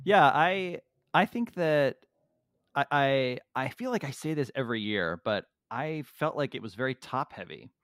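A man of ordinary pitch co-hosts a podcast from home, rambling and cracking jokes with plenty of restarts. His voice sounds dry and close, with no room around it, as if recorded over a remote call. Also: expressive, measured pace, a bit bright, dry recording. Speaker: podcast co-host. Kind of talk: casual chat.

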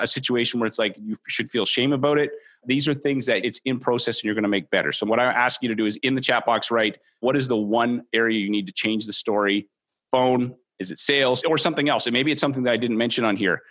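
A man in his forties hosts a podcast and coaches listeners with brisk, upbeat energy. He talks fast and slips into little acted-out voices for quoted thoughts. His voice sits at a middle pitch. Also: a bit bright. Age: 40s. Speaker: podcast host and mortgage coach. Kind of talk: motivational coaching talk.

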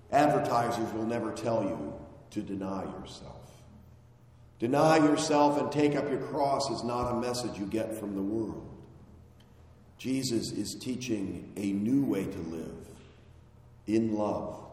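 A man preaching a sermon, slow and emphatic, with phrases that fall away at the ends. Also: fairly low pitch, warm tone. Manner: slow, emphatic delivery with falling phrase endings. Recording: very echoey hall with long reverb.

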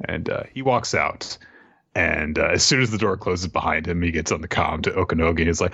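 A man co-hosting a podcast, recapping a show casually and in an animated way. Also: sits low, brisk, gravelly, breathy edge, dry recording. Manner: animated storyteller, laughs easily. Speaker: podcast co-host. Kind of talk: casual recap of an anime episode.

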